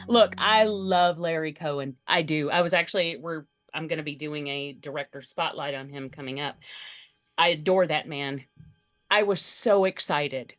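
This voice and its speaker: A woman guest in a casual podcast chat, eager and animated, laughing easily. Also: sits low, measured pace, soft background music.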